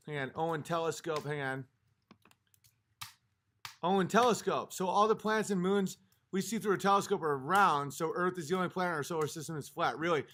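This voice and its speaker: His voice is high-pitched, animated, brisk, bright, and forceful. This livestream host is a few drinks in, heatedly ranting late at night with plenty of swearing as he reads the chat out loud.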